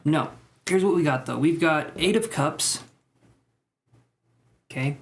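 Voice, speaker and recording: Joking tarot reader, higher-voiced man. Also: slow. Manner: joking, self-mocking, chatty. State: out of breath. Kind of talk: casual live-stream chat.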